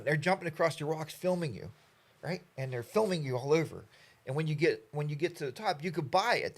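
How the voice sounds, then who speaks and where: A middle-aged man from the United States hosting a casual live stream, rambling and chatty as he reads out viewer comments. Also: on the high side.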